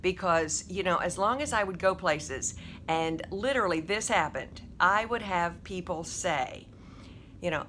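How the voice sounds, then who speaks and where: Bright-voiced tearful woman vlogger. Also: fairly low pitch, measured pace, a little hiss or hum. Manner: hesitant, with many fillers and restarts. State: teary. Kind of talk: emotional personal confession.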